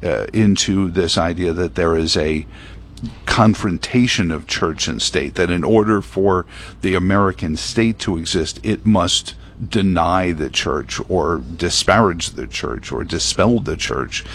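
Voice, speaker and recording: A man's voice: sits low, unhurried, a bit bright, husky. A man hosting a talk radio show, chatting casually in a rambling, opinionated way full of fillers. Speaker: radio host. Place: broadcast booth at a prayer meeting venue.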